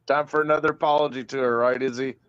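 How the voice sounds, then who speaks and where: A man's voice: mid-range voice, a bit bright, clear, resonant tone, no room sound. Blunt man on dull lo-fi call audio. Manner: blunt, scornful. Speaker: guest on a live chat. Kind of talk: casual live-stream chat.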